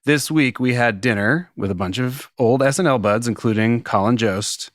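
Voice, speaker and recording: A man's voice: medium pitch, moderate pace, dry recording, studio quality. A man co-hosting a podcast, playful and joking in casual chat. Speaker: podcast co-host.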